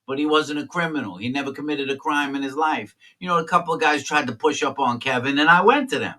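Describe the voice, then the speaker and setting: A former prisoner telling candid stories in a blunt, streetwise way, swearing freely. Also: male voice, fairly high pitch, fast, bright, forceful tone, far from the mic. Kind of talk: candid storytelling.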